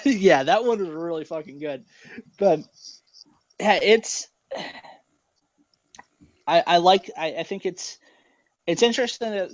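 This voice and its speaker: A man with a slightly high voice co-hosts a casual beer podcast, talking loosely and cursing. He comes through a dull, dry lo-fi mic with no room sound. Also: dry recording. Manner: loose, profane, laughing chat. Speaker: podcast co-host. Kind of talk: casual chat.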